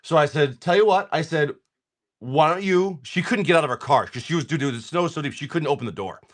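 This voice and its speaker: A man's voice: on the high side, lively intonation, fast talker. A man hosting a live card-selling stream, chatting casually and telling a rambling, joking story. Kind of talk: casual chat.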